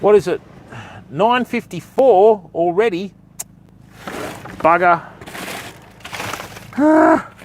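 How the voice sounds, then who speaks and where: A man's voice: high-pitched, big pitch swings, extremely slow, pauses often, slight background noise. An Australian man hosting a live fishing stream outdoors, chatting casually and matey with viewers. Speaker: fishing livestream host. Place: outdoors on a beach.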